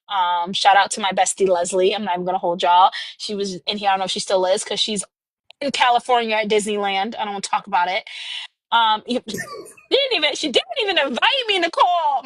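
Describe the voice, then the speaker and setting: Laughing, animated woman author. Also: on the high side, no room sound, rough recording. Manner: animated storytelling, laughs often, acts out quotes. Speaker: author guest. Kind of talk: casual podcast interview.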